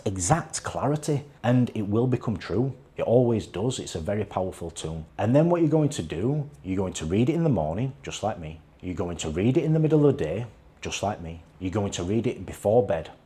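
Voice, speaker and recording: A man's voice: lowish voice, darkish tone. A man speaking as a fitness and life coach in a motivational vlog, earnest and repetitive in his urging. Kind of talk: motivational talking-to-camera vlog.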